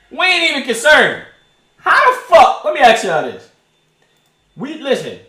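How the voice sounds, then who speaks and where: Animated, high-pitched, profane male streamer. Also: echoey room. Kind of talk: casual livestream reaction chat.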